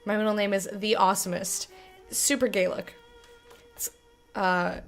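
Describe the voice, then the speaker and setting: A woman's voice: medium pitch, level tone, measured pace, pauses often, fairly bright tone, soft background music. Joking woman streamer. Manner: chatty, joking, self-mocking. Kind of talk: gameplay commentary.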